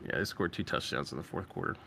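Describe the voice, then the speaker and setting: A man's voice: deep voice, quick pace, vocal fry, sharp tone, husky. A man co-hosting a casual sports talk show, joking and riffing in long comic lists. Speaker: podcast co-host.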